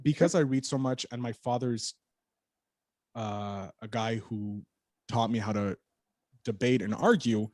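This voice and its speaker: A man on a podcast as a guest, telling a story in an animated, casual way and swearing freely. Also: mid-range voice, measured pace, long pauses, no room sound, studio quality.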